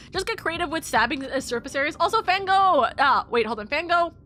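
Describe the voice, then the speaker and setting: A woman's voice: sits high, sharp tone. A young woman streaming a story game, gushing and emotional as she talks, rambling through restarts. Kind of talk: casual live-stream commentary.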